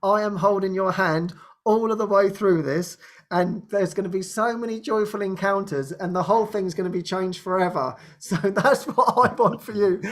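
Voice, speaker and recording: A man's voice: high-pitched, moderate pace. A man hosting a spiritual group talk, often restarting his sentences, laughing and acting out quoted speech. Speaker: host.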